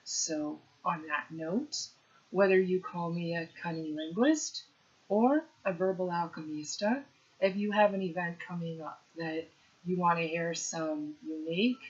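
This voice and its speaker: Middle-aged female comic, lively storyteller with wry asides; lowish voice, muffled lo-fi sound. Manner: animated, punchy delivery with playful asides. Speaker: stand-up comedian. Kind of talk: storytelling monologue.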